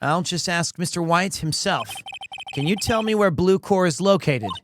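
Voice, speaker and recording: A man's voice: sits high, lively intonation, normal speed, fairly bright tone, slight background noise. A man voicing an earnest young male defense lawyer in a courtroom game, asking probing questions.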